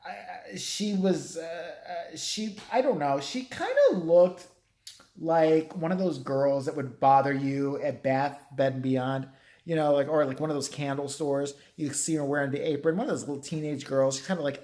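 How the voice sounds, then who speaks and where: A man's voice: medium pitch, warm tone. A man giving a casual, rambling movie review, swearing freely and acting out characters' lines. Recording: echoey room.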